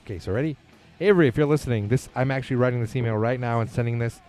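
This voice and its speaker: A man's voice: mid-range voice, very fast, a little mellow, faint music behind. A man from New England hosting a casual solo podcast, reading listener emails aloud and rambling with self-deprecating asides. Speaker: podcast host.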